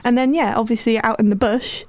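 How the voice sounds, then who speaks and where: A woman, co-hosting a casual radio chat show, bubbly and excitable. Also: fairly high pitch. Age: early 20s. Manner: bubbly, excitable, quick to laugh. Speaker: radio co-host.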